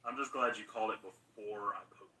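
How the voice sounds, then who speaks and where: A man's voice: fairly low pitch, steady tone, a little fast, bright, forceful tone, echoey room, distant mic. A man hosting a casual livestream chat, easygoing and agreeable. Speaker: livestream host.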